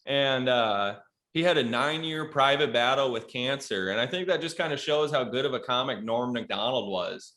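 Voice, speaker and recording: A bright, forceful male voice tells loose, profane stories in a casual podcast chat. He is a comedian guest and often breaks into loud, high acted quotes. The room sounds echoey. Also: lively intonation, normal speed.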